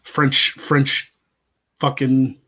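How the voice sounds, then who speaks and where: A man's voice: mid-range voice, completely flat delivery, drawn-out words, sharp tone, breathy edge. A man from Arkansas with a light Southern accent, chatting casually as a podcast guest, rambling, laughing often and swearing freely.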